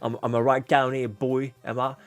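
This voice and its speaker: A man doing a loud cheeky British cat boy. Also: medium pitch, flat delivery, moderate pace, natural voice. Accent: British (put-on). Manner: loud, bouncy, repetitive.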